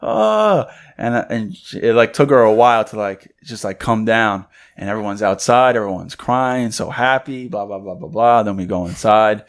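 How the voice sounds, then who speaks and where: A young man co-hosting a podcast, casually telling a rambling, excited story and acting out the voices of the people in it. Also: fairly low pitch, moderate pace, hardly any pauses. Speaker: podcast co-host. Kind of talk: casual chat.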